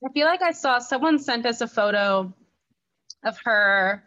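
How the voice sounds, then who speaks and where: A woman co-hosting a podcast in casual recap chat, animated and emphatic with quick asides. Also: a little high, no echo, muffled recording. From not from New York. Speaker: podcast co-host.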